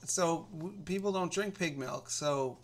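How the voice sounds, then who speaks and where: A man's voice: a little high, measured pace. A man in improvised comedy banter, hesitant and stammering as he protests.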